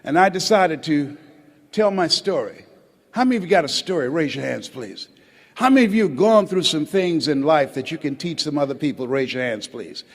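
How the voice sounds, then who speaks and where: A man's voice: on the high side, expressive. An older man, a motivational speaker from the United States, addressing a live audience and calling on them to raise hands and repeat after him. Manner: calls for audience responses, dramatic pauses. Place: large auditorium. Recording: hall reverb.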